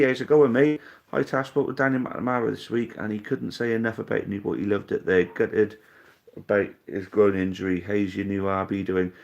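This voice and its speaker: A man in his thirties hosting a live stream, casually reading out viewer comments and answering in a blunt, jokey, sweary way. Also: on the low side. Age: 30s. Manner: laid-back, blunt and jokey, swears freely.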